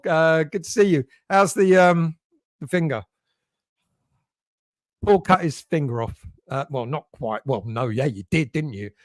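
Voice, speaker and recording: A man's voice: fairly high pitch, no room sound, studio quality. A man hosting a casual live stream, chatting and greeting viewers by name as he reads their messages. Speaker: fan channel host reading live chat.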